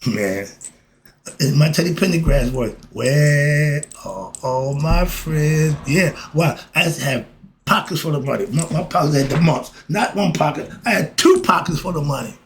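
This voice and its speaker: A man's voice: fairly high pitch, animated, moderate pace, slight background noise. Blunt New man preaching life lessons. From New York. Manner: preachy, blunt, street slang, chuckles often. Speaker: vlogger giving life lessons. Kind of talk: casual motivational monologue.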